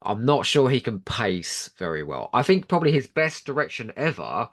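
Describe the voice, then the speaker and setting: A man on a podcast panel, talking in a lively, playful way and laughing easily during casual chat. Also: medium pitch, normal speed.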